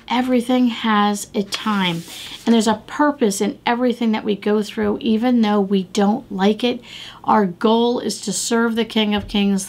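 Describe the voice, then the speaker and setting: A woman's voice: medium pitch, vocal fry. A middle-aged woman hosting a devotional podcast, talking earnestly and exhorting listeners with repeated phrases. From United States. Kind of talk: devotional talk.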